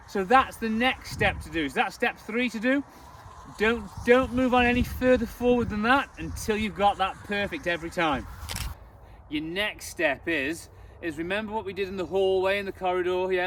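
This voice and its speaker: High-voiced man training a dog outdoors. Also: a bit bright, far from the mic, a little hiss or hum. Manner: chatty, repeats words, gives commands to the dog. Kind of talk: casual training demonstration. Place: outdoors in a cold field, moving around.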